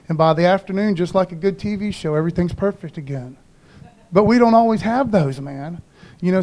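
Relaxed, slangy male preacher with a high voice. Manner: laid-back slangy preaching, acts out voices. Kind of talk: casual sermon.

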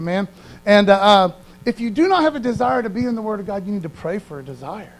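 A man preaching a conversational sermon, reading verses slowly aloud and often checking in with his listeners. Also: sits high, lively intonation, a little hiss or hum, poor audio. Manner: folksy, keeps checking in with the audience; slows down to read verses aloud.

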